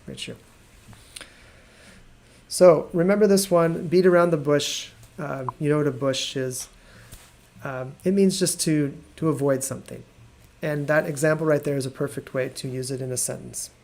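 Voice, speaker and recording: A man teaching an English lesson on a live video stream, explaining patiently and repeating words slowly. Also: on the high side, creaky, a little mellow. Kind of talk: live online language lesson.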